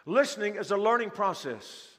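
A man's voice: sits high, expressive, normal speed, fairly bright tone. A male pastor preaching a sermon to a congregation, asking rhetorical questions and repeating key phrases. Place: large church hall. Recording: long hall reverb.

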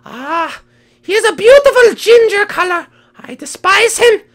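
A woman's voice: animated, a little slow. A woman playing a melodramatic, vengeful black cat boy. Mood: spiteful. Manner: melodramatic, shrieking outbursts and low menacing mutters. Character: dramatic vengeful young male black cat. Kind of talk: improvised game role-play.

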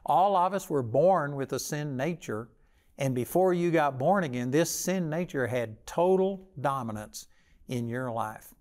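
A man's voice: fairly high pitch, expressive, a little slow, darkish tone. An older man preaching a sermon with folksy stories and a plain, conversational delivery.

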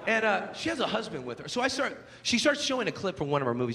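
A male stand-up comedian tells his stories with animated energy and laughs his way through the punchlines. His voice sits high and swings widely in pitch. He speaks into a handheld mic in a comedy club, with a long reverberant tail and a loud, noisy crowd behind him. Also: fast talker.

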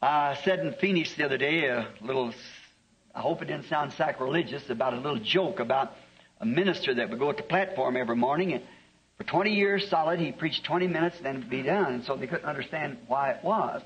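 A man's voice: mid-range voice, brisk, fairly bright tone, slight background noise. A man, a preacher telling a homespun story in a sermon, chuckling through his anecdotes. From American South. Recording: dull lo-fi archive tape.

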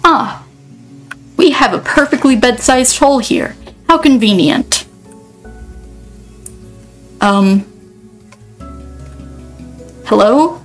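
A woman's voice: high voice, lively intonation, slow pace, pauses often, faint music behind, low-quality recording. Rambling woman narrating her gameplay. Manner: rambling, self-interrupting, thinks aloud. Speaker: let's player. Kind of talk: casual gameplay commentary.

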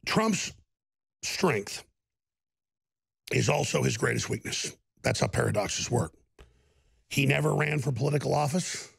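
A man's voice: mid-range voice, a little slow, gravelly, pauses often, a bit bright, breathy edge, dry recording. A man hosting a talk show, delivering an emphatic, rambling monologue.

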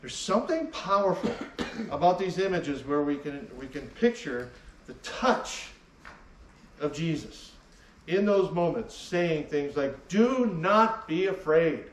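A man's voice: on the high side, lively intonation, measured pace, roomy sound, recorded from a distance, slight background noise, poor audio. A man preaching a sermon as pastor, emphatic and repeating key phrases for weight. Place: church sanctuary.

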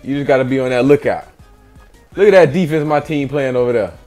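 A man's voice: medium pitch, a little fast, warm tone, faint music behind. A young man hosting a gaming channel, giving hyped let's-play commentary, trash-talking and chanting catchphrases while he plays.

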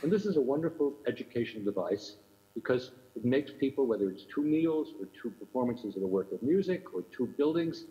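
An older man delivers an academic keynote lecture in a mellow, medium-pitched voice. He speaks thoughtfully and keeps returning to the same rhetorical questions. The sound is dull and lo-fi, as if sent from far away. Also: lively intonation, brisk. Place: remote talk from another time zone. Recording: muffled lo-fi recording.

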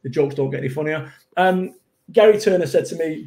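Brash high-voiced Mancunian man. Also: a little fast, vocal fry, dark tone. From England. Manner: brash, self-mocking, punchy storytelling. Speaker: motivational speaker. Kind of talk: casual interview chat.

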